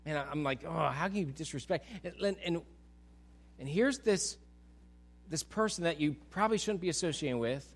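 A man preaching a sermon in a casual, conversational way, animated and often repeating words as he restarts. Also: on the high side. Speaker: pastor.

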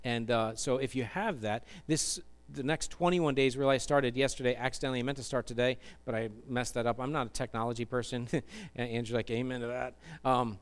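A man's voice: mid-range voice, steady tone, brisk, few pauses. A man preaching a sermon to a congregation, chatty and joking, then building to fervent emphasis. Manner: conversational, jokey, rising to fervent emphasis. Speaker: pastor.

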